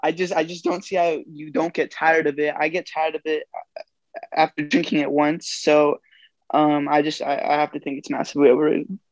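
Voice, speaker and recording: A man's voice: a little high, level tone, normal speed, dry recording. A young student, hesitant and full of fillers, giving his opinion in casual podcast chat. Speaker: podcast co-host. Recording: dull lo-fi mic.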